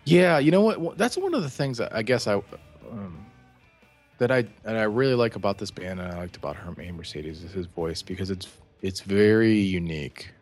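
A man co-hosting a music podcast, speaking casually in halting bursts with many fillers and restarts. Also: low-pitched, lively intonation. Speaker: podcast co-host. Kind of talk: casual album review chat.

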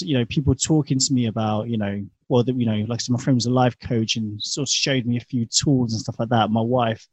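A man's voice: medium pitch, darkish tone, slightly rough, no room sound. A man with a British accent, chatting as a podcast guest in a rambling way, full of fillers. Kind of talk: casual conversation.

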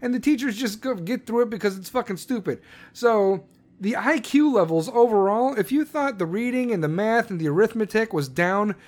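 A man, a parent, delivering a heated, profane rant that keeps stumbling and restarting. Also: high voice. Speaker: parent ranting on camera.

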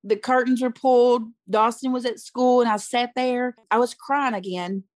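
A middle-aged woman tells her own story in an earnest, emotional way, often saying things twice for weight. Her voice sits a little high, and the recording is close and dry with no room sound. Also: steady tone, moderate pace, a little mellow, no echo. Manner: earnest, emotional, repeats phrases for emphasis. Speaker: guest, youth pastor. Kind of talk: personal testimony in conversation.

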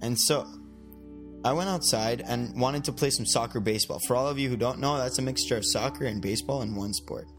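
A man's voice: mid-range voice, fairly quick, over music. A young man co-hosting a casual podcast, telling a rambling story and acting out what people said. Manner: rambling, animated storyteller who acts out quotes. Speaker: podcast co-host telling stories.

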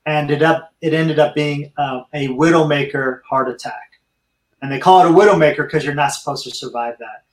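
A man's voice: fairly high pitch, moderate pace. A man telling his own story candidly in a casual interview, speaking openly to the listeners. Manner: earnest, candid storyteller addressing listeners as friends. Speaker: interview guest. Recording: echoey room.

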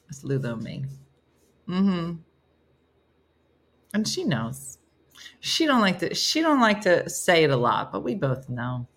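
Animated, lower-voiced New Jersey woman host. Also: slow pace, long pauses. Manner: animated, joking, laughs often. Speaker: live-stream morning show host. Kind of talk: casual chat reading viewer comments.

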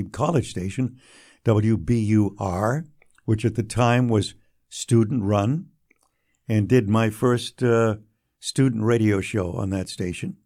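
Older man telling radio stories. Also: lowish voice. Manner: warm anecdotal storytelling, drops quietly for quoted lines. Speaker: radio broadcaster guest. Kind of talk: storytelling interview.

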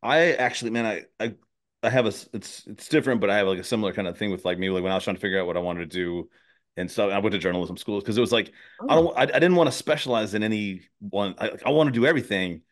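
A man hosting a podcast in casual chat, rambling and excitable, often restarting his sentences. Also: lowish voice, fast. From southern US. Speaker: podcast host.

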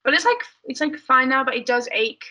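An English woman talking casually as a podcast guest, rambling through her answers with plenty of fillers. Her voice sits a little high and sounds bright and forward. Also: sing-song, a little fast, lo-fi sound. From United Kingdom. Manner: chatty, rambling with many fillers. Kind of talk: casual chat.

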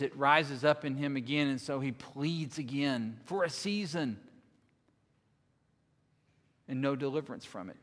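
A lead minister delivers a sermon in a fairly high voice, leaning hard on key words and then dropping to near hush. His voice rings out with a long reverb. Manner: earnest, dramatic swings between loud and quiet.

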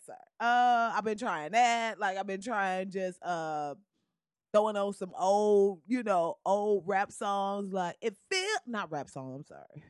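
A woman's voice: medium pitch, lively intonation, unhurried, smooth, dry recording, clean studio sound. A woman hosting her own podcast, talking casually and animatedly at home, often laughing and slipping into bits of song. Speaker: podcast host. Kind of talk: casual solo podcast monologue. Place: room at home. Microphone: podcast mic at home.

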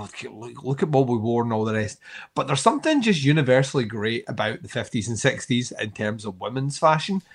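A man co-hosting a podcast in casual chat, joking, chuckling and agreeing with short replies. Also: medium pitch. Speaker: podcast co-host.

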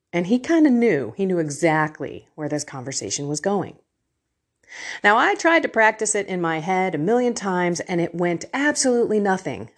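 Middle-aged woman, faith talk host, animated pitch, slightly husky voice, candid and emotional. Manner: emotional, candid, storytelling with quoted dialogue. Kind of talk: personal faith talk to listeners.

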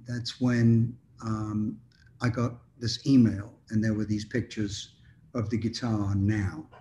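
A man's voice: lowish voice, warm tone. Older man telling rambling stories. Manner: rambling anecdotal, with frequent ums and restarts. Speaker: guest musician. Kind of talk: casual storytelling interview.

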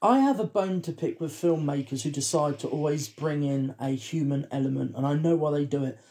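A man from the UK co-hosting a casual chat, telling animated stories with plenty of swearing. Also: on the high side, fairly quick. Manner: animated, profane storytelling. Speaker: podcast co-host.

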